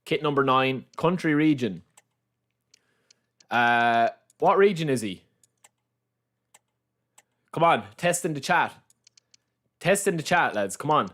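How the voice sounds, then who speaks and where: A man with a somewhat high voice runs a casual live stream, talking to his viewers as he plays. He teases the chat, calls everyone lads and repeats his lines as he rambles along. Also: lively intonation, slow pace, pauses often, fairly bright tone. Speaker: gaming livestreamer.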